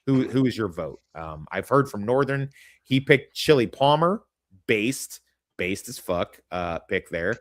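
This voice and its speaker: A man's voice: lowish voice, animated, unhurried, no echo, studio quality. A man from Kansas, hosting a crude, rambling podcast chat. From American Midwest, Kansas. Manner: profane, rambling, laughs often. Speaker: podcast host.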